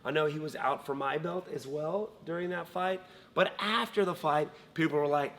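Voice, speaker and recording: A man co-hosting a casual fight breakdown, energetic and playful, speaking like a coach. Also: a little high, normal speed, few pauses. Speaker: co-host. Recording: long reverb.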